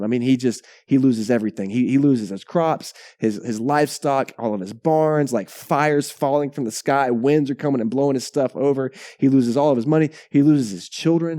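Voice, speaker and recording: Mellow, conversational male pastor preaching. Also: medium pitch, dry recording, studio quality. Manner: conversational and animated, often asks "right?", repeats words. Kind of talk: sermon.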